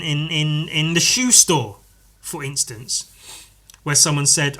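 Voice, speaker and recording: A man's voice: fairly high pitch, slow, bright, forceful tone. A man hosting a casual solo podcast, rambling and correcting himself as he goes, swearing freely. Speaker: podcast host.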